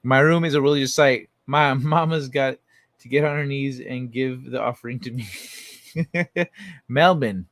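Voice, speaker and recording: A man's voice: medium pitch, unhurried, a bit bright, no room sound. Brief: male streamer, easygoing and joking, drawling pace, close dry sound. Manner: playful, profane, laughs often. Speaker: livestream host. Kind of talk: casual chat.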